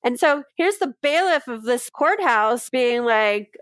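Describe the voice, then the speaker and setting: A woman's voice: a little high, lively intonation, measured pace, a bit bright, dry recording. A woman, a mother, telling her own story in a podcast, candid and emotional, acting out the lines of the people she talks about. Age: adult, mother of a daughter. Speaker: interviewee recounting her experience. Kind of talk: personal testimony in a true-crime podcast.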